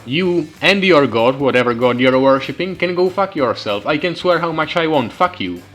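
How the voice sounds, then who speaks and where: A man's voice: a little high, animated, normal speed, fairly bright tone. Sarcastic swearing young gamer man. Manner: sarcastic, ranting, heavy swearing. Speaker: gaming channel host. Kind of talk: strategy game let's-play commentary. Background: faint background music.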